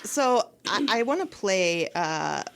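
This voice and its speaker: A woman hosts an interview in a radio studio and speaks gently in a middle pitch. She often affirms her guest with short murmurs. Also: very animated, slow, vocal fry, a little hiss or hum. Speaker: radio host.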